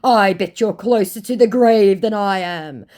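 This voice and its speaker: A woman's voice: mid-range voice, a little slow, darkish tone, voice pushed up, lightly acted. A woman voicing a cocky young male online scammer who talks in a smug, mocking and brash way. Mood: taunting.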